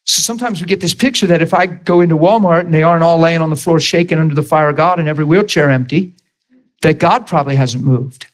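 A man's voice: a little high, fast talker, poor audio. Male preacher telling a story. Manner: storytelling, acts out dialogue with shifts in loudness. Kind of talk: sermon.

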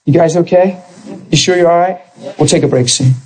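A man preaching a sermon as pastor, animated, moving between soft asides and high, straining peaks. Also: a little fast, slight background noise, poor audio.

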